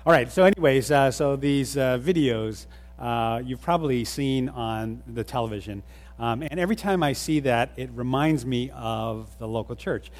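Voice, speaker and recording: Male church leader, mid-range voice, relaxed chatty delivery, storyteller who voices quotes. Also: mid-range voice, moderate pace. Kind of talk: informal church announcement talk.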